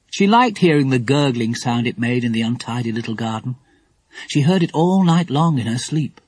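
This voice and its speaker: A man narrating a children's audiobook in an animated, expressive way. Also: medium pitch, normal speed, husky, no room sound, clean studio sound.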